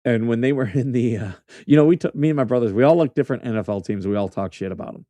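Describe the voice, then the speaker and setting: A man hosting a casual news show speaks in a dark, mellow voice and a middle pitch. He talks bluntly and mockingly, with plenty of swearing. The sound is dry and close, with little room echo. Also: quick pace. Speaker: host. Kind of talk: casual commentary on news clips.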